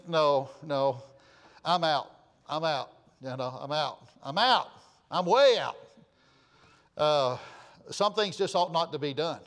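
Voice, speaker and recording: Animated man preaching a sermon. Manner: animated storytelling, jumping in pitch and volume. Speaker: pastor. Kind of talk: folksy sermon with anecdotes.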